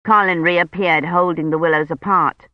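Measured audiobook narrator, dull lo-fi sound. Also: mid-range voice, fairly even intonation, no echo. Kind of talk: scripted narration.

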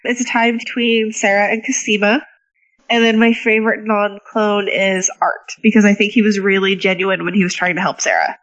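A woman's voice: medium pitch, little pitch movement, normal speed, a bit bright, highs cut off. A woman on a podcast panel giving brief, agreeable comments. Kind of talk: casual podcast chat.

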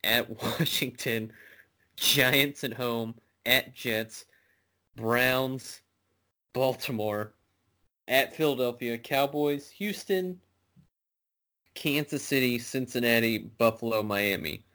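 A man's voice: mid-range voice, slow pace, pauses often, sharp tone. A man co-hosting a podcast in a casual sports chat, rambling and swearing freely. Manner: rambling, profane, says bro a lot. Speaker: podcast co-host.

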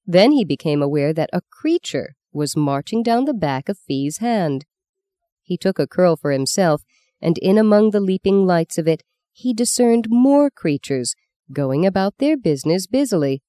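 Brief: measured audiobook narrator, warm and smooth, dry close sound. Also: mid-range voice, no room sound. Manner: even, measured storytelling. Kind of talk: scripted narration.

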